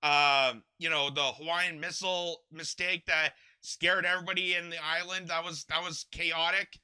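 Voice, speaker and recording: Young man, political commentary host, indignant, repetitive, high-pitched. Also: flat delivery, normal speed, pushed and bright, clear, resonant tone. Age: young adult. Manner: impassioned, indignant, repeats himself.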